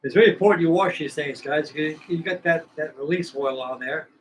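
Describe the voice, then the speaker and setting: A man's voice: on the high side, fairly quick, slight background noise, low-quality recording. Rambling older man, folksy storyteller. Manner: rambling, folksy, repeats himself. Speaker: scale model builder hosting a live stream. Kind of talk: casual storytelling chat.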